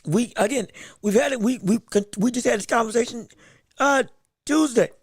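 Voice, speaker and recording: A man hosting a livestream fight commentary podcast, excitable and emphatic, talking in casual slang and repeating himself for emphasis. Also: very high voice, moderate pace, slightly rough, no echo, clean studio sound. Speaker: podcast host.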